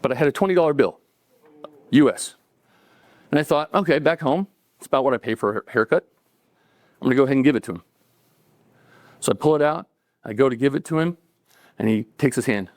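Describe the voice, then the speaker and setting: A man's voice: medium pitch, brisk, long pauses, no room sound. Conversational man telling a personal story. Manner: relaxed, conversational, with chuckles and acted-out quotes.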